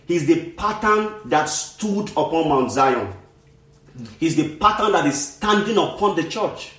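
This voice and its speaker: A man's voice: on the high side, expressive, a little slow, fairly bright tone. A man preaching a sermon in earnest, repeating and restarting phrases for emphasis. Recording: echoey room.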